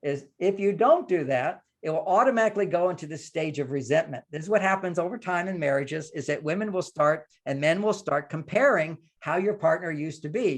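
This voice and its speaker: Older male relationship expert, gravelly voice, slightly high-pitched, emphatic lecturing guest. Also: a little fast, hardly any pauses. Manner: emphatic, lecturing, acts out quoted partners. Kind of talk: podcast conversation, advice.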